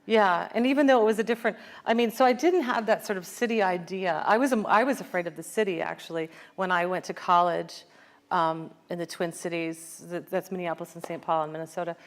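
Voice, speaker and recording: A woman's voice: on the low side, fairly quick. An American woman, an author, talking reflectively in an onstage conversation, with many fillers and restarts. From United States. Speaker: author guest.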